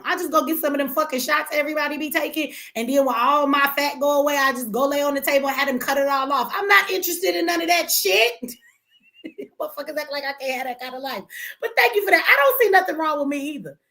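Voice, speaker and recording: A woman's voice: high-pitched, animated, fast talker, bright, forceful tone. A middle-aged woman, hosting a livestream and talking bluntly, profanely and with heat to her viewers. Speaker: livestream host. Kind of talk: emotional livestream rant.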